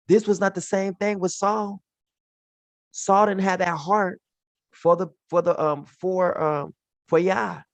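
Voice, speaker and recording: High-voiced man teaching scripture in slang. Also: dry recording. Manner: retells scripture in slang, voicing the characters. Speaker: Bible teacher. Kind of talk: informal Bible teaching.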